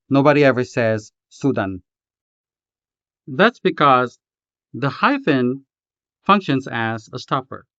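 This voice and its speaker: Male tutor, deliberate pace, repeats each word, dry muffled voice-over. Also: medium pitch, fairly bright tone, no room sound. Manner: slow, careful, repeats words for pronunciation. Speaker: language tutor. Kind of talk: scripted lesson narration.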